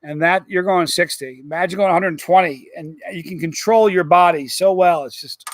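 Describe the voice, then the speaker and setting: A middle-aged man hosting a casual live stream, rambling through stories and chatting with viewers in an animated way. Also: high voice, moderate pace, no echo.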